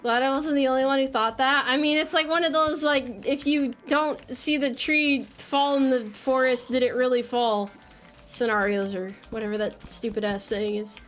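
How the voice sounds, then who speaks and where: A young woman with a bright, high voice chats loosely as she plays a game on stream, teasing herself and answering chat. Her American speech is quick to joke, and faint music runs behind her. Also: steady tone. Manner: playful, self-mocking, reads chat messages aloud. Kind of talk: casual live-stream chat while gaming.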